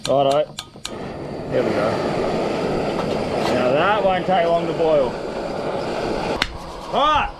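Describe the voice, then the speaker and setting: A man's voice: a little high, very animated, takes it slowly, pauses often. A young Australian man chatting casually to camera in laid-back slang by a windy roadside. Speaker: outdoor vlogger. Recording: outdoor wind and passing traffic noise.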